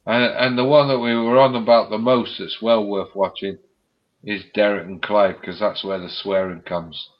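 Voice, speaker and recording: A man's voice: on the low side, fairly even intonation, normal speed. A man chatting on a live stream, retelling comedy sketches with laughter and plenty of swearing. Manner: laughing storyteller, acts out quotes, swears freely. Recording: dull lo-fi stream audio.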